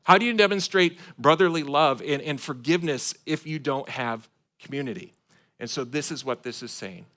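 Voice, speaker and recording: A man from Michigan preaching a sermon to his congregation, swinging between loud emphatic points and quiet asides. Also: a little high, expressive, moderate pace. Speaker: pastor. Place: church sanctuary.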